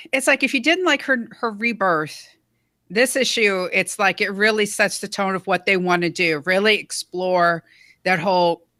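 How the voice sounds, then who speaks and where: Bright-voiced woman chatting excitedly. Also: mid-range voice, no echo, studio quality. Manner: excited, tumbling sentences. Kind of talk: casual podcast chat.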